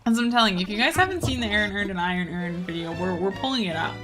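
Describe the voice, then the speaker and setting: A woman's voice: medium pitch, racing, fairly bright tone, soft background music. A Canadian woman streaming a game, chatting casually in a rambling way with lots of fillers and easy laughs. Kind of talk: casual gaming stream chat.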